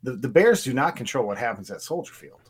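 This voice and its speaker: A man's voice: mid-range voice, very animated, fast talker, husky. Stammering man joking in sports chat. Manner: stammering restarts, jokey storyteller. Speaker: podcast co-host.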